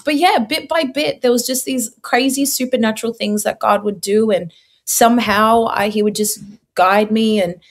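A young woman from Australia, a guest sharing her faith story in an earnest, expressive way, with many fillers. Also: on the high side, moderate pace. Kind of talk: testimony interview.

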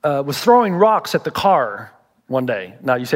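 A man's voice: high voice, expressive, fairly quick, a bit bright. A man preaching a sermon as a pastor, telling stories and acting out the voices of the people he quotes. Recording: reverberant hall.

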